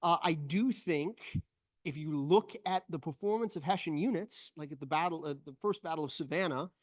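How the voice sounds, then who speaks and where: A man's voice: on the high side, normal speed. A man, a historian and author, answering audience questions after a lecture, thoughtful and explanatory. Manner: explanatory, thoughtful, enthusiastic about details. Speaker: historian and book author, guest speaker. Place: event room with in-person and online audience.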